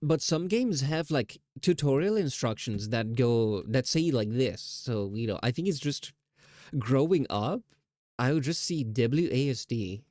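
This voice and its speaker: A man's voice: medium pitch, animated, unhurried, darkish tone, dry recording, studio quality. A man streaming live, chatting casually in a rambling, self-teasing way with laughs.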